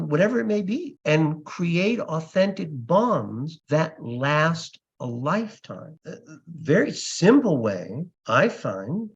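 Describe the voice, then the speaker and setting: Animated older male storyteller, dull lo-fi sound. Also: on the high side. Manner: animated storyteller acting out quoted voices. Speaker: podcast guest, comedy magician. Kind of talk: storytelling interview answer.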